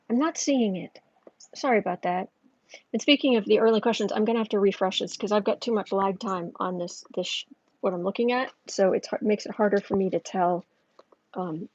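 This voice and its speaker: A woman's voice: medium pitch, darkish tone, dry recording. Woman doing a chatty tarot livestream from home, lots of ums, dull muffled stream audio. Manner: chatty, answers viewers' chat, halting with fillers. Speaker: tarot reader and livestream host. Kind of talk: casual livestream psychic reading.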